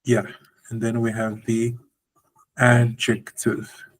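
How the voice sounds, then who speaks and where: A man's voice: mid-range voice, monotone, slow pace, poor audio. A man teaching a language lesson, explaining patiently and drawing out example words.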